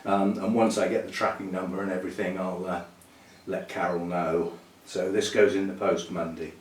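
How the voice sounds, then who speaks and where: A man's voice: deep voice, flat delivery, moderate pace. A man, hosting a chatty orchid video, thinking aloud with little chuckles as he packs and repots plants. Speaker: orchid channel host. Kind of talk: casual chat while packing and repotting plants. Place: indoor room, working with plants. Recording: roomy, somewhat distant, faint noise.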